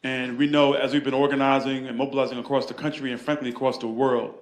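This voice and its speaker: A man opens a live panel in an echoey bookstore room, speaking at a medium pitch. His cadence is rousing and preacherly, and he leads the crowd in call-and-response chants before welcoming them. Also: flat delivery, fast talker. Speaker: panel moderator. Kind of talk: event moderation with call-and-response. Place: bookstore event space.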